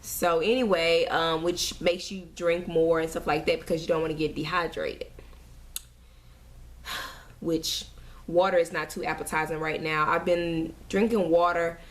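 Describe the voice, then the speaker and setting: A young woman talks through a casual vlog update in a fairly low voice. She rambles, fills gaps with "um", and sounds a bit out of breath and queasy as she goes. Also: flat delivery, unhurried. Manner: chatty, rambling with many fillers. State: nauseous and out of breath. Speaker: family vlogger.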